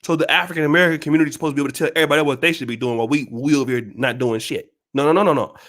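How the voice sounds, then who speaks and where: A man's voice: on the high side, steady tone, very fast, a bit bright. A man hosting his own channel, ranting at viewers in an emphatic, profane, repetitive, preachy way. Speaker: channel host.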